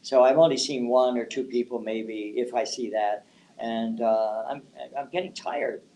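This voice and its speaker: A man's voice: medium pitch, steady tone, a little slow, warm tone, low-quality recording. An older man, a psychic and palm reader, telling rambling anecdotes in an interview and often restarting his words.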